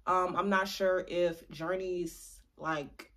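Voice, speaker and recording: A woman's voice: fairly low pitch, steady tone, slow pace, fairly bright tone. A young adult woman chatting to camera in a casual vlog, playful and chatty, drawing out words for emphasis. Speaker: vlogger.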